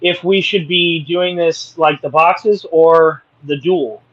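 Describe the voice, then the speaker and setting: A man's voice: a little high, fairly even intonation, a bit bright. A man hosting a casual live-stream chat, talking loosely and acting out reactions as he goes. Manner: chatty, plays out reactions in quick voices. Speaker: livestream host. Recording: dull lo-fi stream audio.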